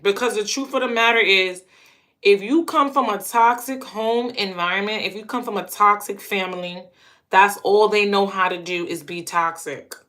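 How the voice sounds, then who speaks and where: On her channel, another woman shares a personal story casually, her voice medium-pitched, moderately paced and a bit bright. She is emphatic, hammering points by repeating phrases for punch.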